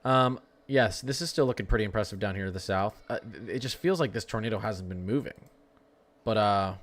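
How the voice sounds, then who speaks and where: A young man hosts a live severe-weather stream, joking around, teasing viewers, talking to chat and laughing often. His voice sits lowish, brisk and slightly bright.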